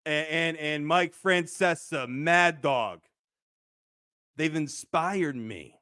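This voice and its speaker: A man hosting a sports fan show, ranting and shouting in heated commentary, then dropping into low grumbles. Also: slow, smooth, no room sound, studio quality.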